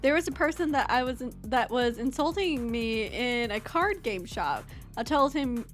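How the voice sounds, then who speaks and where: A young woman streamer reads online stories aloud and chats casually with her viewers while eating snacks, laid-back and swearing freely. Her voice is a little high and expressive, at a moderate pace with hardly any pauses, and faint music plays behind her.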